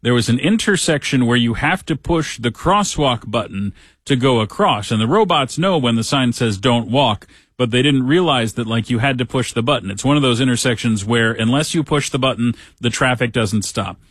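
Middle-aged guy on the radio, dry jokey storytelling, dead dry mic, regular pitch. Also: expressive, normal speed, a bit bright, breathy edge, no room sound. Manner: chatty, dry humor, acts out quotes in voices. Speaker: radio host. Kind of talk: casual monologue.

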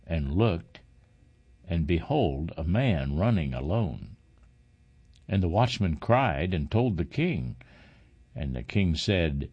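A man reading an old scripture passage aloud in a measured, solemn way. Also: deep voice, darkish tone, lo-fi sound. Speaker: scripture reader.

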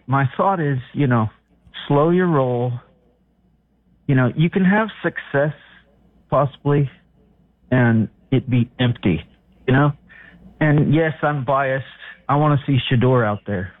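A man's voice: mid-range voice, a little slow, long pauses, no echo. A man calling into a radio show, rambling and hedging as he shares his opinion. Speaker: caller. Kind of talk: casual call-in radio banter. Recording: tinny dry phone line.

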